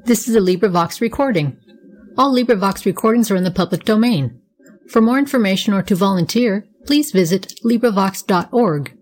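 A woman narrates a children's story aloud in a steady, clear manner, her voice sitting at an ordinary middle pitch. It is a volunteer audiobook reading, unhurried and plain.

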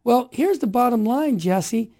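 A man in his sixties, a guest telling stories with passion and rising into forceful exhortation. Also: extremely high pitch, animated, measured pace. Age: 60s. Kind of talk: impassioned storytelling.

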